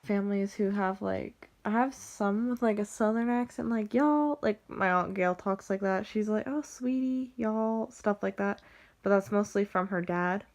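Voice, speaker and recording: Her mid-range voice comes out flat and at a normal pace as this young woman from the Western US vlogs casually about her family. Her accent is General American, and she rambles, restarts often, and fills her speech with "like."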